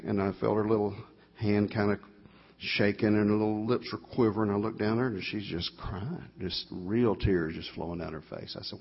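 Gravelly man telling a story. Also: on the low side, fairly even intonation, moderate pace. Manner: folksy, meandering, self-correcting. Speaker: guest guitarist telling a story at a church concert. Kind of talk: rambling storytelling testimony. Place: church. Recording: dull lo-fi live church recording.

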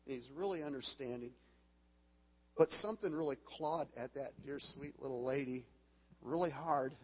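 A man's voice: medium pitch, moderate pace, slightly rough. A man preaching a sermon as pastor, earnest and given to laughing at his own stories and restarting phrases. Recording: long hall reverb, dull lo-fi sound.

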